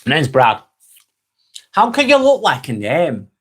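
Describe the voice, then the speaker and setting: A man's voice: fairly high pitch, huge pitch swings, a little slow, breathy edge. A young man hosting a casual live stream, reading viewers' comments aloud and answering them frankly and chattily.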